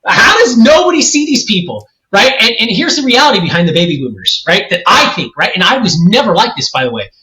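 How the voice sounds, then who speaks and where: A worked-up man in his forties launches into an emphatic podcast rant, his voice bright and edged with strain. His pitch swings widely as he pushes each point. The sound carries a noticeable room echo. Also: big pitch swings, fairly quick, hardly any pauses. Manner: heated, ranting, emphatic. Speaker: co-host. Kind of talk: podcast discussion. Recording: roomy echoey room.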